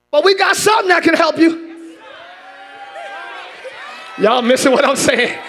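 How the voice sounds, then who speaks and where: A man's voice: very high-pitched, lively intonation, measured pace, pauses often, some chatter behind. A man preaching a sermon as pastor, calling out to his congregation and pushing them to answer back. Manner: shouting preacher, call-and-response with congregation.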